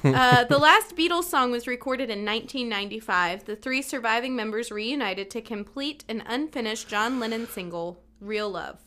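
Bright, high-voiced woman reading fun facts. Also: normal speed. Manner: chatty, laughs at her own stories. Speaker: radio show co-host. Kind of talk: casual morning show banter, reading fun facts.

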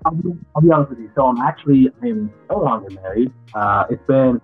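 A man's voice: medium pitch, expressive, fairly quick. A man, an actor as interview guest, answering frankly and reflectively, often restarting his sentences. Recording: tinny phone-like line with faint music.

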